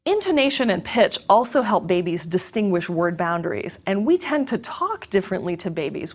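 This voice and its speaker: A woman giving a scripted educational lecture, explaining in a clear, measured way. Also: fairly low pitch.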